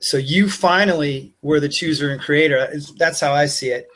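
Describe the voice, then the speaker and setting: A man, the host and a life coach, reflecting back on a guest's story in a slow, considered way. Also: fairly high pitch, fairly bright tone. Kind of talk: coaching conversation.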